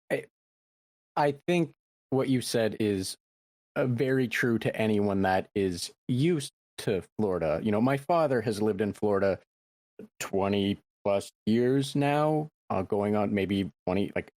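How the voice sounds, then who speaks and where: A man in his thirties hosting a podcast, chatting casually in a relaxed, rambling way with lots of fillers. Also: fairly low pitch, measured pace, dry recording, clean studio sound. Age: 30s. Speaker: podcast host.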